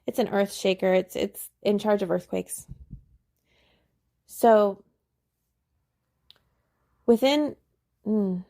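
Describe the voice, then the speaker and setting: A young woman hosting a podcast, telling a personal story in a casual way with many "like"s, slowing to a soft, soothing tone at times. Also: mid-range voice, vocal fry. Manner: soft, slow and soothing when recalling what she told him. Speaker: podcast host.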